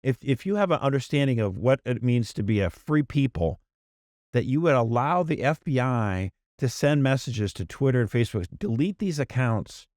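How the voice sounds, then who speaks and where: Man, podcast co-host, casual chat, animated, exasperated, dry close sound. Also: mid-range voice, moderate pace, no room sound. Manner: animated, exasperated, mocking voices when quoting.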